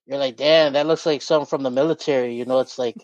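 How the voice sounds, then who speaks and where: A man's voice: medium pitch, fairly even intonation, fast, darkish tone, dry recording. A man co-hosting a casual podcast, rambling with lots of "like" and "you know". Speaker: podcast co-host. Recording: dull lo-fi mic.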